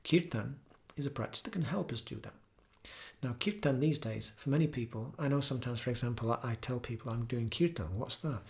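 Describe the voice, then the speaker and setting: A man, a yoga teacher, giving an earnest, reflective talk with gentle storytelling. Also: mid-range voice, a little fast, creaky. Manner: earnest, storytelling, breaks into soft singing.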